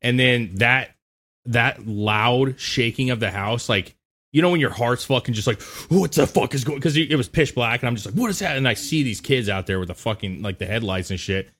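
A man in his thirties hosting a podcast in casual chat, an excitable storyteller who swears and says "dude" and "bro". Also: mid-range voice, moderate pace. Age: 30s. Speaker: podcast host.

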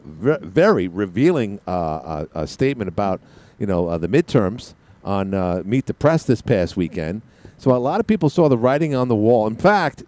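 A man's voice: fairly low pitch, warm tone. Rambling older male radio host. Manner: rambling, halting, many fillers and restarts; sarcastic, ranting. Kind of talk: casual political talk radio monologue.

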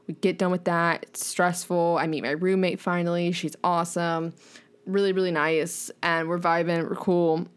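A young adult woman, a podcast guest, telling a rambling, animated story in casual chat and saying "like" often. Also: lowish voice, moderate pace, smooth. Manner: animated, rambling, heavy use of "like".

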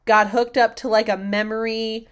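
A woman's voice: a little high, normal speed, a little hiss or hum. A young woman in casual chat, swearing freely and acting out quotes with big bursts of energy. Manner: animated, swears a lot, acts out loud quotes.

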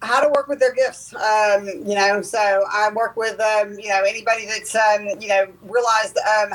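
A woman with a Southern US accent chats as a guest about her teaching. She talks at an easy pace, halting often with ums and restarts. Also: mid-range voice, steady tone, poor audio. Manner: hesitant, many ums. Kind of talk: casual chat.

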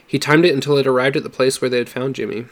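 Here a man with a mid-range voice reads an audiobook story, his narration even and measured throughout.

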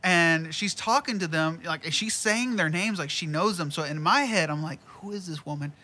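A man's voice: on the high side, normal speed, sharp tone. A man, casually telling a profane work story with lots of quoted dialogue and laughter. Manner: laid-back, profane, laughs often, quotes people in dialogue.

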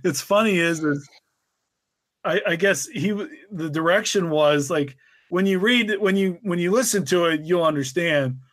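A podcast co-host tells his stories in a loose, rambling, conversational way. His voice sits a little high for a man. The sound is dry and close, with no room echo. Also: moderate pace, a bit bright. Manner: rambling, chatty storyteller. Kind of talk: casual chat.

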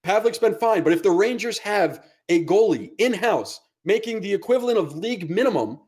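A man's voice: high voice, lively intonation, brisk, darkish tone. A man co-hosting a podcast, talking sports in a blunt, sarcastic way and swearing casually. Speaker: podcast co-host.

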